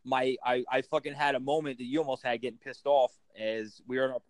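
A man recounting a golf outing in casual chat, animated and profane. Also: mid-range voice, quick pace, no echo. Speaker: podcast co-host.

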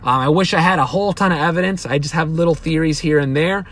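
A young man hosts a solo podcast, delivering a heated, opinionated monologue that's profane, rambling, and full of restarts. His voice is a little high and a bit bright, and he talks fast.

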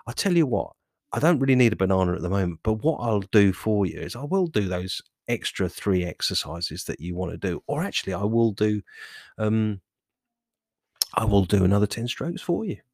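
Man doing a cheery fruit dealer guy making deals, deep and dry. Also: very animated, moderate pace, darkish tone, no room sound. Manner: cheery, bargaining. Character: friendly male fruit dealer bargaining.

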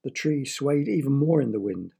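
A man's voice: medium pitch, animated, moderate pace, gravelly, mellow, breathy edge. A man telling a children's story, playful and asking the young listeners questions.

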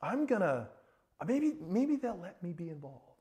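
A middle-aged male pastor delivers a sermon with a slightly high voice. He tells stories with lively energy. He drops low and soft for scripture, then climbs high and loud in the anecdotes. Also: a little slow. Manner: storytelling, animated, rises to excited shouting in anecdotes.

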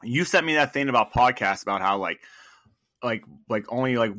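A man's voice: mid-range voice, lively intonation, normal speed, sharp tone, dry recording. A man co-hosting a podcast in casual chat, rambling and swearing a lot, with filler words everywhere. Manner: profane, rambling with many "like"s and "dude"s. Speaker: podcast co-host.

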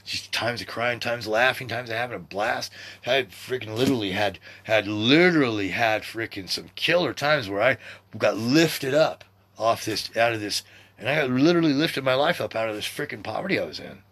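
A man in his sixties hosting a podcast, talking in a rambling, profane, animated monologue. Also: mid-range voice, moderate pace. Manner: rambling and profane, with excited swings in loudness. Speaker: podcast host.

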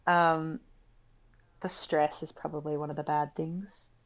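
A woman's voice: deep voice, level tone, measured pace, highs cut off. A young woman who works as an emergency nurse, chatting casually and filling her talk with likes and ums. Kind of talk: casual podcast chat.

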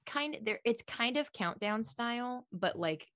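A young woman, a podcast guest, chatting casually and excitably with lots of fillers. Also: on the high side, a little slow, no room sound, clean studio sound.

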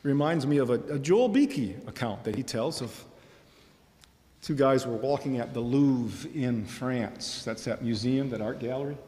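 A man's voice: mid-range voice, darkish tone. A male pastor preaching an impassioned sermon, pressing the congregation with rhetorical questions and repeated phrases. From Michigan, USA. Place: church sanctuary. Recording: reverberant church hall.

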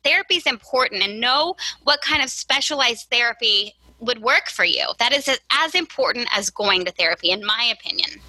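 A woman with a very bright, sharp tone gives advice with easy confidence. Her voice sits somewhat high, and the recording is dry and close. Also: animated, normal speed, few pauses, no echo, low-quality recording. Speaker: podcast co-host. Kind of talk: casual conversation.

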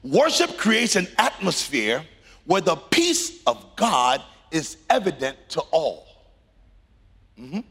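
A middle-aged pastor preaching a sermon, rising into emphatic bursts and sung phrases. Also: male voice, fairly high pitch, very animated, slow, fairly bright tone, breathy edge. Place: church sanctuary. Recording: long reverb of a large hall.

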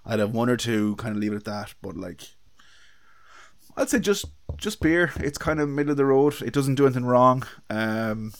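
A man from Ireland talks over a beer on a podcast, casual and hesitant. He often stops and restarts his sentences. His pitch sits in an ordinary middle range. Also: expressive, normal speed. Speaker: podcast co-host, beer reviewer. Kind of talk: casual chat.

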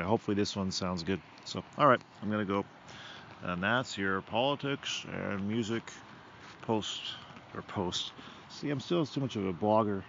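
A podcast host musing casually to the mic outdoors by a river, in a relaxed, rambling manner. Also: male voice, lowish voice, vocal fry, dull audio, slight background noise.

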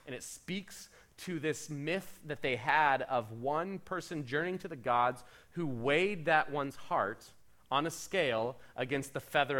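A man pastor preaching a sermon in an animated, conversational way with playful asides. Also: medium pitch.

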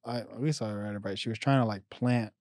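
A man's voice: fairly low pitch, fairly quick, a little mellow, no room sound, clean studio sound. A young man co-hosting a podcast, reacting in emphatic, slangy casual chat. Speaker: podcast co-host.

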